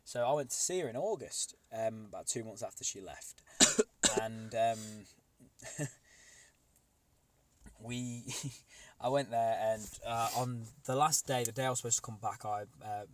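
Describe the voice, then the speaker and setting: A man's voice: mid-range voice, a little slow, long pauses. Rambling young man telling a story. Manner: rambling storyteller, swears casually. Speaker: podcast co-host. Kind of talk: casual podcast chat.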